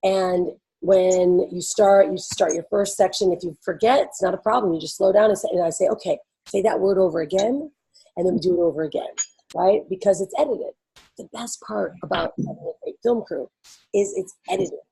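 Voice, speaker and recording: A woman walks a group through an upcoming event in a loose, chatty way, laughing easily and leaning on "like" and "you know". Her voice is a little husky, sitting at an ordinary middle pitch. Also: lively intonation, fairly quick, warm tone, poor audio. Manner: bubbly, laughs often, lots of "like" and "you know". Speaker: event host. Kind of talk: casual explanatory talk to attendees.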